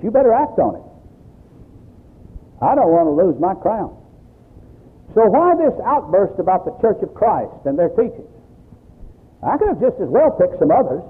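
A man's voice: high-pitched, breathy edge. A Baptist pastor preaching an emphatic sermon to his congregation, quoting scripture as he goes. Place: church service. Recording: tinny phone-like lo-fi recording.

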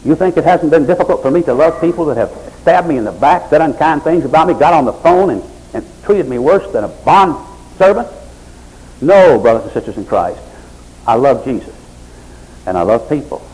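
A middle-aged male pastor preaching a sermon, swinging from loud, high exhortation to low, quiet pleading. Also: expressive, brisk, rough recording.

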